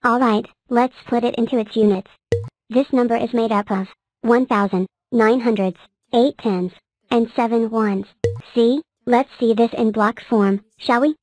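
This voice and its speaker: A woman's voice: fairly high pitch, steady tone, a little slow, heavy background noise. A woman narrating a cartoon math lesson, explaining step by step in an upbeat way. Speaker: narrator and teacher.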